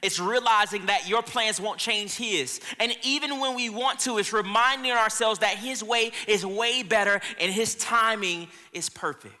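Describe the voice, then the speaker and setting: A man's voice: high voice, normal speed, hardly any pauses, pushed and bright, in a large hall. A man, a pastor, preaching a sermon in a casual storytelling way with asides to the congregation. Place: church auditorium.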